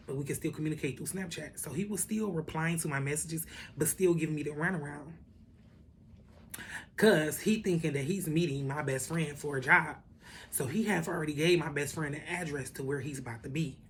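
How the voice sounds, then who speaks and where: A woman telling a story in a casual vlog, animated and profane, with lots of asides to the viewers. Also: low-pitched, a little hiss or hum. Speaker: vlogger.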